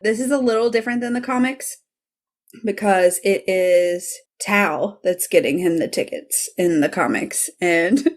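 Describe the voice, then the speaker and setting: A woman's voice: medium pitch, a little slow. A woman co-hosting a podcast, gushing as she recaps an episode in casual chat. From United States. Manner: enthusiastic, gushing storyteller. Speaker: podcast co-host.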